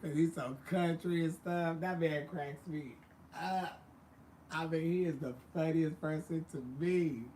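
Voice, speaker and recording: Sassy man chatting to viewers, higher voice. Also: fairly even intonation, measured pace, a little mellow, slight background noise. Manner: sassy, chatty, calls people baby and honey. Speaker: livestream host. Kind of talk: casual livestream chat answering viewers.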